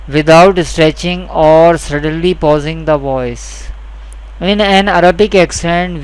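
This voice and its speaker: A man teaching a beginner's Quran reading lesson, repeating each rule slowly and carefully, with a South Asian English accent. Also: a little high, smooth, rough recording. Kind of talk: slow instructional lesson.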